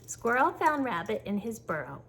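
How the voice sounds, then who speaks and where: A woman reading a children's picture book aloud, gently and expressively. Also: on the high side, sing-song, normal speed, vocal fry, slightly rough.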